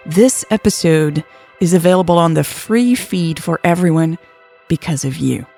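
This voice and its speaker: A woman hosting a podcast, reading serialized romance fiction in a measured, earnest storytelling manner. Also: on the low side, expressive, creaky, mellow, soft background music. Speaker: podcast host and narrator.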